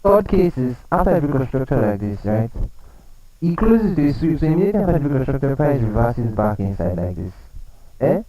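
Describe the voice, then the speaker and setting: A man's voice: mid-range voice, very animated, a little fast, warm tone, recorded from a distance, low-quality recording. A man running a live trading lesson, explaining chart setups, repeating key points and quizzing his viewers. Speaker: trading coach.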